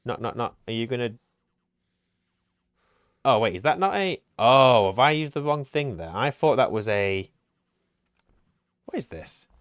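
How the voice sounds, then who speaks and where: A man's voice: medium pitch, big pitch swings, a little slow, pauses often, fairly bright tone, dry recording, studio quality. A man chatting casually while playing a co-op game on stream, thinking aloud and joking with his partner. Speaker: gaming streamer. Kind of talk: casual co-op gameplay chat.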